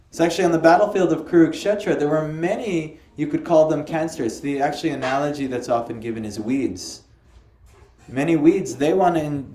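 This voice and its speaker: A man giving a spiritual lecture on scripture to a small group, lively and asking his listeners questions. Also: medium pitch, slight background noise. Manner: lively, asks the audience questions. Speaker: spiritual teacher. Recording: echoey room, faint ambience.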